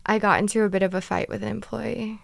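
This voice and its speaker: A young woman vlogger telling a travel story in a chatty, dramatic way with quick asides. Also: mid-range voice, flat delivery, vocal fry, no echo, studio quality. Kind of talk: casual storytelling vlog.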